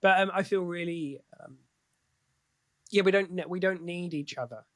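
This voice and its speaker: A man's voice: sits high, normal speed, no echo. A man speaking as a podcast guest in candid, casual conversation, swearing freely and often restarting his sentences.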